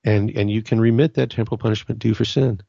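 A man's voice: on the low side, fairly even intonation, quick pace, vocal fry, mellow, no room sound, muffled recording. A middle-aged man from Southern California talking about faith in a casual, earnest way, often restarting his sentences. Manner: conversational, earnest, many restarts. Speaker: Catholic podcast host. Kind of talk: casual spiritual talk.

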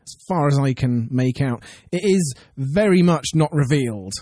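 A man co-hosting a casual podcast, wry and animated as he picks things apart. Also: mid-range voice, moderate pace, no echo, clean studio sound. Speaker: podcast co-host. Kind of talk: casual chat.

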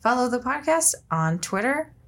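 A woman's voice: on the high side, sing-song, normal speed, fairly bright tone. A woman co-hosting a podcast from home, chatting loosely, swearing freely and reading her sponsor and show credits. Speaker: podcast co-host. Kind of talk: casual chat with ad reads.

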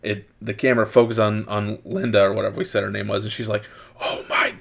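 A man hosting a casual podcast, talking in a rambling, excitable way and often correcting himself mid-sentence. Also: on the low side, fast talker, creaky. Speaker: podcast host.

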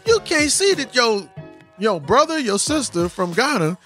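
A man's voice: extremely high pitch, big pitch swings, a little slow, fairly bright tone, faint music behind. A man from Texas with a Southern drawl, talking in an emphatic, rambling, slangy way in a casual discussion. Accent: Texan Southern drawl. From Austin, Texas.

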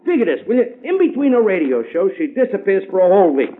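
A man's voice: high-pitched, sing-song, fast. An actor playing a pushy, slangy male talent agent in a 1950s radio drama. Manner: brash slangy New York patter. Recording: tinny old radio broadcast.

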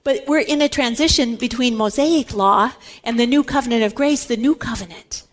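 Woman, high voice, Catholic Bible teaching, emphatic, repeats words for stress. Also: moderate pace. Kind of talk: teaching talk on scripture.

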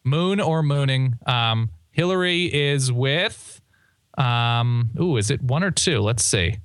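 A man's voice: medium pitch, lively intonation, slow pace, clean tone, no echo, clean studio sound. A young man co-hosting a sports podcast, chatting casually in a joking, rambling way and often restarting his sentences. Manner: joking, rambling, self-correcting. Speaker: podcast co-host. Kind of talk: casual chat.

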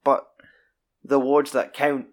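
A man's voice: mid-range voice, little pitch movement. A man in casual podcast chat, rambling and sweary. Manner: sweary, rambling, quick bursts.

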